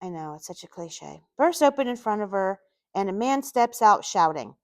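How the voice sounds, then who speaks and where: A woman's voice: mid-range voice, lively intonation, normal speed, darkish tone, no room sound. A woman reading her own novel aloud, stepping out of the story for chatty asides. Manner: chatty asides between passages.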